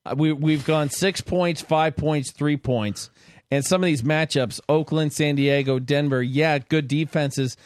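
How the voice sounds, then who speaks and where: A man's voice: fairly high pitch, fairly even intonation, unhurried, no room sound, studio quality. A man co-hosting a sports podcast, joking and often restarting his sentences. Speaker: podcast co-host. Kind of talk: casual sports chat.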